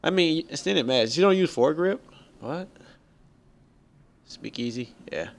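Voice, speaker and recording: Excitable young man streaming a shooter. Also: fairly high pitch, measured pace, vocal fry. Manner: frustrated, excitable, talking to chat and teammates. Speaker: gaming streamer. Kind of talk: live-streamed game commentary. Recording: faint background noise.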